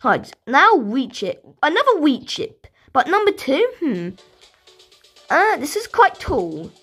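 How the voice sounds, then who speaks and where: British woman gaming YouTuber; high, bouncy delivery, rambling and excitable, faint music under her. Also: takes it slowly. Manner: excitable, rambling, talks to viewers. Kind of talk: let's play commentary.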